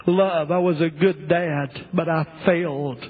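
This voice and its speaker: A male preacher playing a regretful father lamenting from hell, with a halting, pleading, mournful delivery. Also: extremely high pitch, a little hiss or hum, voice pushed up. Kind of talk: dramatic sermon reading. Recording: tinny lo-fi phone-like recording.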